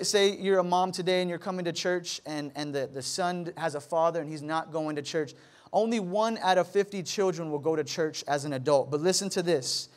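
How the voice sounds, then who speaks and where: A man in his thirties preaching as a pastor, telling stories animatedly with frequent repetitions. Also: on the high side. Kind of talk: sermon.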